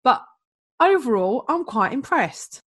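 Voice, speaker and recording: A bubbly woman with an East London accent and a highish, very lively voice, giggling through her chatty remarks in a relaxed podcast conversation. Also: unhurried, breathy edge. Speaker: podcast panelist. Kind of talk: casual panel chat.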